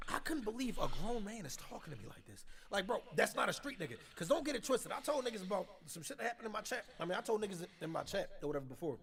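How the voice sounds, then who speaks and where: Animated high-energy male storyteller. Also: fast talker, few pauses. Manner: animated, loud, laughing storyteller. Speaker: streamer. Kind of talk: casual storytelling chat.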